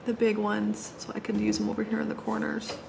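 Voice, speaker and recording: A woman's voice: medium pitch, completely flat delivery, a little fast, vocal fry, noisy background. A middle-aged woman chatting casually and rambling while she decorates a planner at home, poking fun at herself. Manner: chatty, rambling, self-deprecating. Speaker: planner vlogger. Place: home, seated on the floor.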